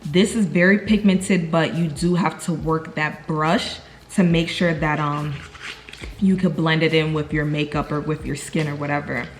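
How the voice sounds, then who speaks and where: A woman's voice: low voice, fairly even intonation, normal speed, slight background noise. A young woman from New York with a New York accent, chatting casually to her viewers at home in a slangy, talkative way. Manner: chatty, slangy, talks straight to viewers as "y'all". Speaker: vlogger. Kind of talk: casual chat to camera.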